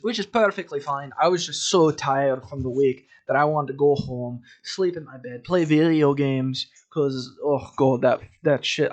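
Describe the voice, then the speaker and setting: A young adult man hosting his own podcast, telling a long rambling story in a casual, profane, self-amused way. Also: mid-range voice. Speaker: podcast host.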